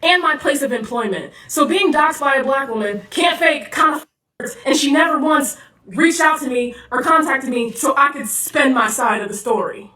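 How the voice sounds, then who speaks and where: A woman's voice: high voice, expressive, normal speed, sharp tone, reverberant, far from the mic. A woman therapist talking straight to the camera in a sassy, slangy, confrontational way. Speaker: social media therapist. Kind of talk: direct-to-camera social video.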